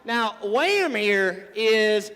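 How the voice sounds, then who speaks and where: A man's voice: high-pitched, big pitch swings, extremely slow, smooth, heavily acted. A man playing a brash, hyped-up game guru. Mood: boastful. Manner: brash, hyped-up, shouting to the crowd. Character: over-the-top male game guru Blam, hyped showman. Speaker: stage performer in a comedy duo. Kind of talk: live stage comedy skit. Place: large hall with a live audience. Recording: reverberant hall with music behind.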